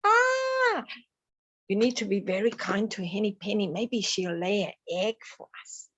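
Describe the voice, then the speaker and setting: A woman's voice: mid-range voice, very animated, measured pace, fairly bright tone, lo-fi sound. A woman teaching a lesson to young children, sing-song and coaxing, asking them questions as she goes.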